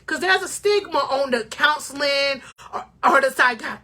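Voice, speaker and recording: Woman, high voice, bright, spiritual life coach, motivational talk to camera, emotional and preachy. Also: normal speed. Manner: emotional, preachy, addresses viewers as king or queen.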